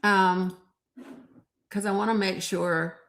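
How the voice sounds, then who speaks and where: A woman's voice: mid-range voice, little pitch movement, slow pace, fairly bright tone. A woman hosting a live stream, chatting casually and rambling, talking straight to her viewers and getting openly frustrated. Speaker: livestream host.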